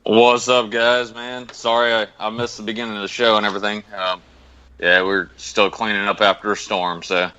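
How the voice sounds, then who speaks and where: A man's voice: fairly low pitch, little pitch movement, normal speed, sharp tone. A man, joining a podcast chat as co-host, laid-back and cracking crude jokes. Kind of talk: casual profane podcast banter. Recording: dull lo-fi call-in line.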